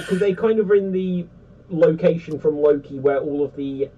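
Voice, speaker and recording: Casting note: animated, rambling man on a geek panel, slightly high voice, dull and distant recording. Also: normal speed. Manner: rambling, animated, many fillers. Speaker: panelist on a geek pop-culture show. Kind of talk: casual chat.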